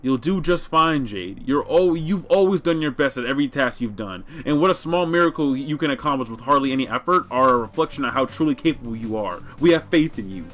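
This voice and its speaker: A man's voice: mid-range voice, lively intonation, fairly bright tone, natural voice. Man reading as a wordy, wry teen girl. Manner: measured, wordy, self-deprecating. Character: wry, sardonic teenage girl.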